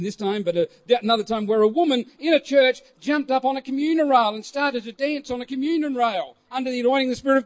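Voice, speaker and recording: High-voiced man telling a testimony. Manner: animated, rising to loud exclamations, many fillers. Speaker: preacher. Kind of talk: storytelling testimony.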